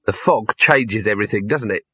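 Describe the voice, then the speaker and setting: Guy doing a nervous fussy assistant, fretting, bright husky voice. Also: fairly low pitch, moderate pace, dry recording. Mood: uneasy. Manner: uncertain, fretful. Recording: dull lo-fi.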